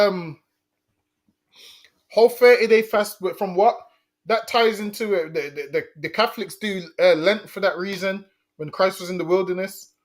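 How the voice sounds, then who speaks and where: A man co-hosting a casual commentary talk show, blunt and emphatic, often repeating his points. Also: high-pitched. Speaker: co-host.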